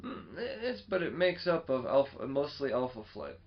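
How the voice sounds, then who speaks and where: Man, podcast co-host, casual chat, animated, swears a lot, middle pitch, slightly muffled lo-fi sound. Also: normal speed. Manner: animated, swears often, acts out quotes.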